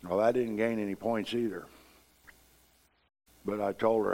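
A middle-aged man preaching a sermon to his church. He talks conversationally, dropping low and quiet, then rising to loud emphatic preaching. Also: steady tone, normal speed, pauses often, long reverb tail.

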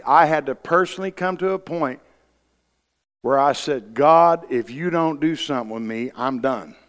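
Folksy, blunt male preacher telling stories from the pulpit; long church reverb. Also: on the high side. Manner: folksy storyteller, blunt, rising to loud emphasis. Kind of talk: sermon with personal testimony. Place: church sanctuary.

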